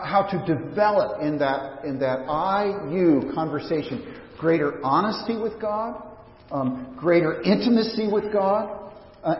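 A pastor preaching a sermon in a conversational, searching way, often restarting his sentences, recorded in a church sanctuary. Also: high-pitched. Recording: echoey church hall, dull lo-fi sound.

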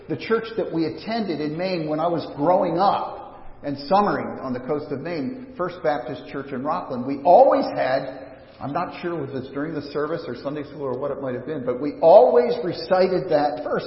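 A pastor preaching a sermon in a conversational, searching way, often restarting his sentences, recorded in a church sanctuary. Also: a little high. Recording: echoey church hall, dull lo-fi sound.

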